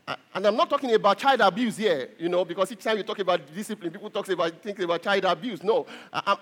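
A middle-aged man, a pastor, preaching a sermon in a halting way, repeating words and laughing often. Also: high-pitched. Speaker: pastor and doctor.

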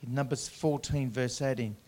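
A man preaching a sermon as pastor, earnest, swinging from loud emphatic lines to quiet conversational asides, drawing out key words. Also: mid-range voice, steady tone, normal speed.

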